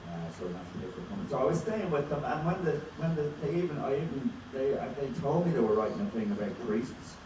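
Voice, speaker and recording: A man's voice: mid-range voice, big pitch swings, fast, hardly any pauses. A man, an actor on a convention panel, telling rambling stories with restarts. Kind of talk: casual anecdote telling on stage. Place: large convention auditorium. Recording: echoey hall mic from far off with crowd noise.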